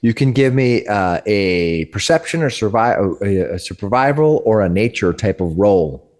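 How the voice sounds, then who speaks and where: A man's voice: on the low side, expressive, measured pace, a little mellow. A young adult man narrating as game master, with frequent hesitations and restarts. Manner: hesitant, many uh's and restarts.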